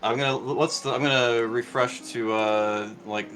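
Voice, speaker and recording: A man's voice: medium pitch, fairly even intonation, moderate pace, fairly bright tone, rough recording. A middle-aged man chatting casually after a speedrun, rambling with lots of fillers and restarts. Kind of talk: casual post-run chat.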